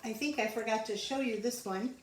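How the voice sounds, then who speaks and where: A woman teaching a phonics lesson to young children, sounding out letters slowly and repeating each word. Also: fairly high pitch. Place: home. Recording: roomy echo, mic at a distance, faint background noise.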